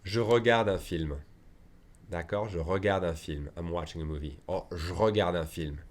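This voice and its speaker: Low-voiced man teaching casually. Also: normal speed. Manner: relaxed, joking, many fillers and restarts. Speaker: French teacher. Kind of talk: casual spoken lesson.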